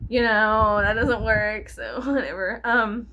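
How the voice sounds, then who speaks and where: A woman's voice: fairly high pitch, slow pace, sharp tone. A woman in her thirties rambling casually to camera in a vlog. She mocks herself, swears freely, giggles and drops into whispers. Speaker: vlogger. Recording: noisy home recording with clicks.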